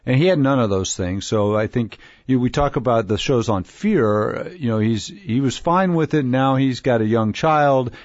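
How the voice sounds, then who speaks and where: A Texan man, a physician co-hosting a radio health show, explaining cases in a relaxed way with many fillers. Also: mid-range voice, normal speed, few pauses, no echo, highs cut off. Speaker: physician co-host.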